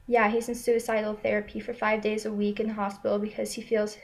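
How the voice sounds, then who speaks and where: A woman telling a story in a slow, solemn, steady manner, returning again and again to the same short lines. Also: mid-range voice, low-quality recording. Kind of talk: spoken second-person narration.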